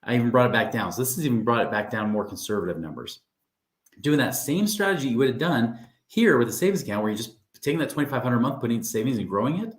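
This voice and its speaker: A man's voice: mid-range voice, lively intonation, fast talker. Upbeat man presenting in an echoey room. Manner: upbeat, conversational, often asks "right?" and says "guys". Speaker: financial coach. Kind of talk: webinar presentation.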